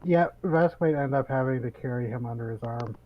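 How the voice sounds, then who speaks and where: A man playing a tabletop game over an online voice session, talking in a relaxed, joking way. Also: medium pitch, a little fast, lo-fi sound. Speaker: player. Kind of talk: casual game talk.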